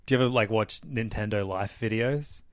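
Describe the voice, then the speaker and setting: A man's voice: fairly low pitch, brisk, no echo. Male podcast host, casual and jokey, dry close mic. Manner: joking, laughs easily, loose fillers. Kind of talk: casual chat.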